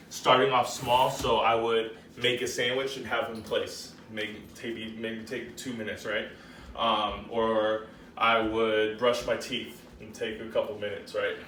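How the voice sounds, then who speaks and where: Relaxed man explaining dog training, roomy. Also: mid-range voice, distant mic, slight background noise. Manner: gives firm short commands, then chatty explanation with many ums. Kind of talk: casual training demonstration.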